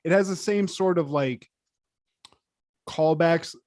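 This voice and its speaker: A man co-hosting a podcast in casual chat, animated and profane, with lots of fillers. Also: on the high side, takes it slowly, dry recording, studio quality. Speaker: podcast co-host.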